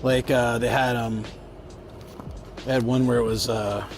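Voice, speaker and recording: Music runs beneath this man's medium-pitched, fairly flat voice, which moves a little slowly. On a travel live stream, he rambles and talks casually right to his viewers, starting on city streets before settling into a parked car.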